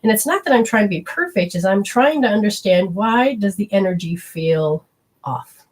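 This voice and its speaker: A woman spiritual teacher giving a chatty, animated live-streamed talk to viewers, acting out little quotes and swearing casually. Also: mid-range voice, normal speed, breathy edge.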